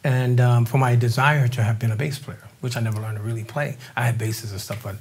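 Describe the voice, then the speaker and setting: An older man from New Orleans, a drummer and interview guest, telling stories in a relaxed, animated way, acting out the voices of people he quotes. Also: medium pitch, fast, slight background noise. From New Orleans, Louisiana. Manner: animated storyteller, acts out quoted voices, laughs often. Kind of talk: casual interview storytelling.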